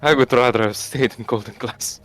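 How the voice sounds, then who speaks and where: A man's voice: mid-range voice, steady tone, fairly quick, fairly bright tone, soft background music. A man playing a tabletop game, stammering, with nervous laughter. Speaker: player.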